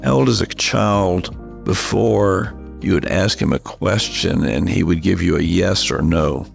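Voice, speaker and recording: Male podcast host, very low, gravelly, patient explainer. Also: a little slow, faint music behind. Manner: patient, asks rhetorical check-in questions. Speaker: parenting author and podcast host. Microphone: studio microphone at a table.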